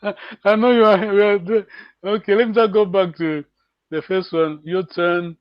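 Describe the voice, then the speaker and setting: A man teaching a live online language class, patiently repeating words slowly and chuckling often, over a call microphone. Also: sits high, little pitch movement, no echo. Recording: dull, dry lo-fi stream audio.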